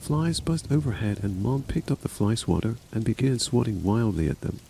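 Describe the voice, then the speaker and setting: A man's voice: medium pitch, sing-song, moderate pace, creaky, warm tone, a little hiss or hum, poor audio. A man narrating a horror story as a scripted reading, voicing every character himself.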